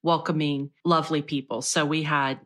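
A woman hosting a podcast in a casual chat, bubbly and quick to laugh. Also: low voice, little pitch movement, a bit bright. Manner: bubbly, laughs often, gushing. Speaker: podcast host.

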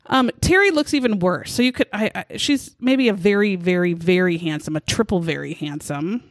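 A woman's voice: fairly low pitch, moderate pace, no room sound. Blunt, foul-mouthed woman telling a crime story. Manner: blunt, profane, indignant storytelling. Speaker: podcast co-host recounting a true crime case. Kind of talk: casual chat.

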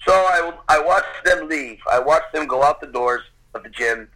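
A man recounts a childhood story in an earnest, conversational way, voicing the people he quotes as he goes. His voice is bright and forceful. The sound is thin, like a phone line or radio broadcast. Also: a little high, moderate pace. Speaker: storyteller guest. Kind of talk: personal anecdote, casual storytelling.

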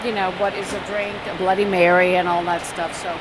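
A woman's voice: on the low side, little pitch movement, a little fast. A woman, a flight attendant, telling a workplace story casually and with emphasis, repeating her lines. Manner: emphatic, repeats herself, laughs easily. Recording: loud background noise.

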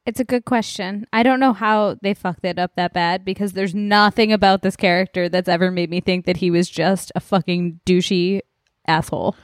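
A woman's voice: lowish voice, steady tone, moderate pace, no echo, studio quality. A woman co-hosting a casual podcast, blunt and casually profane. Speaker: podcast co-host.

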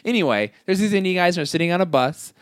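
Joking, swearing man with a higher voice. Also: lively intonation, fast, dry recording, clean studio sound. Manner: profane, rambling joke storytelling. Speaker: podcast host. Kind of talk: casual comedic chat.

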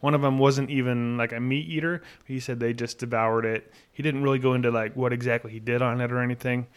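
A man co-hosts a podcast, spinning stories in laid-back conversation with plenty of fillers. He has a smooth, medium-pitched voice and speaks quickly.

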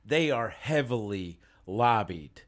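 A man's voice: lowish voice, animated, slow. A man in casual political chat among friends, sarcastic and rambling, often restarting his sentences.

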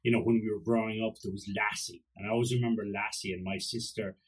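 Man, Irish accent, husky voice, podcast host, rambling, joking, swears. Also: lowish voice, steady tone, quick pace, poor audio. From Ireland. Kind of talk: casual solo podcast monologue.

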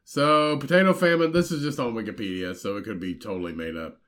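A man's voice: on the low side, fast. A man co-hosting a podcast in casual chat, arguing in disbelief and reading bits of web articles aloud. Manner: animated, incredulous, reads aloud from web articles. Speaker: podcast co-host.

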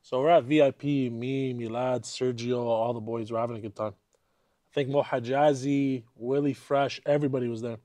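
A man hosting a casual podcast, telling stories in an animated, slangy way with plenty of swearing, outdoors in a backyard. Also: mid-range voice, moderate pace, no echo. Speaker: podcast host. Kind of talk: casual chat, storytelling.

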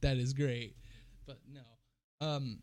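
A man's voice: medium pitch, fairly even intonation, slow, crowd noise. A man co-hosting a casual podcast, teasing his friends and laughing often. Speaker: podcast co-host. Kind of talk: casual chat.

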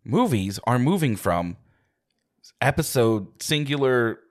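A man co-hosting a podcast, chatting casually in an animated, rambling way with many restarts. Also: medium pitch, slow. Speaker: podcast co-host.

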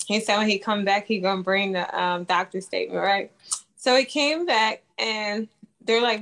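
A woman's voice: mid-range voice, normal speed, fairly bright tone. A woman casually telling a joke as a story, with chatty asides.

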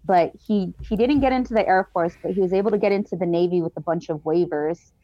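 A woman's voice: fairly low pitch, fast talker, dry recording. A woman guest on a podcast telling her story candidly, earnest and emotional. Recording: dull, dry sound.

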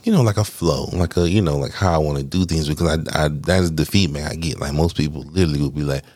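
Very deep-voiced man rambling candidly. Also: fast talker, a little mellow, no echo, studio quality. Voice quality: deep, praised as a radio voice. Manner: candid, rambling, self-deprecating; laughs between phrases, swears freely. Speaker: podcast host. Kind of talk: casual solo podcast chat.

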